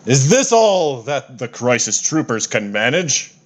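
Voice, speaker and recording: A man's voice: medium pitch, very animated, a little slow. A man voicing a pompous, boastful male villain who calls himself a god, declaiming grandly and theatrically in a tabletop game.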